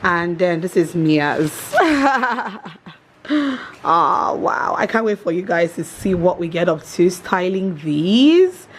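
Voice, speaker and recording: Gushing, lively woman vlogger. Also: fairly low pitch, slow pace, a little hiss or hum. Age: 30s. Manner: gushing, excitable, laughs often. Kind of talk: casual vlog chat.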